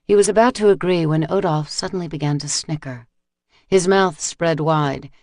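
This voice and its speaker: A man narrating an audiobook in a measured, dramatic storytelling manner. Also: fairly high pitch, darkish tone, no room sound, clean studio sound. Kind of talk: scripted narration.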